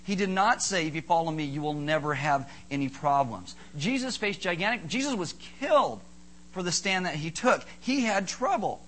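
A man preaching a sermon as pastor, animated, acting out panicky bystanders in high squeals now and then. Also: normal speed, slight background noise, low-quality recording.

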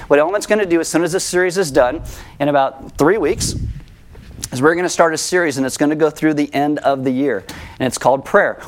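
A man preaching a sermon as pastor, conversational and self-deprecating, slowing down for emphasis. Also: a little high.

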